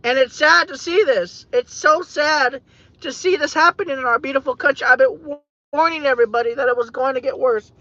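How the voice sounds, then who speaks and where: High-voiced woman rambling, halting and emotional. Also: bright, forceful tone, no echo. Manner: halting, rambling, repeats phrases, says "man" often. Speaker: vlogger. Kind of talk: emotional off-the-cuff monologue. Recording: dull, dry lo-fi audio.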